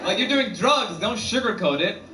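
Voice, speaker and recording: A man doing a stand-up comedy set about roommates, acting out characters with excitable shouted bits, recorded at a comedy venue. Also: high voice, normal speed. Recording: echoey room, far from mic, noisy.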